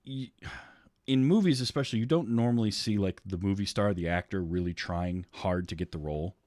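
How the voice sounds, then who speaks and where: A man with a low voice talks through a movie on his podcast, rambling and filling pauses with ums. He now and then acts out lines from scenes. The sound is dry and close. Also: darkish tone, no room sound. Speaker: podcast host. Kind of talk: casual movie chat.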